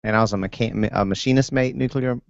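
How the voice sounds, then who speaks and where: A man's voice: on the low side, fairly even intonation, creaky, no echo. A man, a guest, chatting casually and telling personal stories, often stopping and restarting his sentences. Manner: halting, storytelling with many restarts. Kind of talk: casual chat. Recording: dull, dry lo-fi sound.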